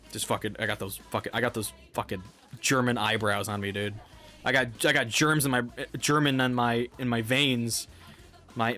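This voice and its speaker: A man's voice: mid-range voice, bright, forceful tone. A young man streaming a game, chatting casually in a rambling, profane way and laughing often. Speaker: live streamer.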